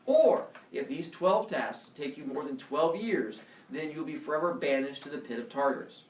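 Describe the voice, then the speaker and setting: A man voicing a laid-back, fatherly king of the gods who talks in a casual, easygoing tone. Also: on the high side. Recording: echoey room, mic far off.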